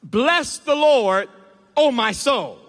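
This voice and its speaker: A pastor preaching a sermon with rising, shouted emphasis. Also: male voice, very high voice, animated, slow pace, big-room sound. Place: large church auditorium.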